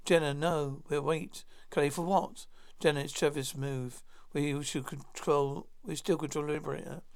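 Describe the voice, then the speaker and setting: A man's voice: fairly high pitch, fairly even intonation, normal speed, clear, resonant tone. A man reading a science-fiction script aloud, naming each speaker before their line. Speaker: narrator reading all parts. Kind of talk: plain read-through of a script.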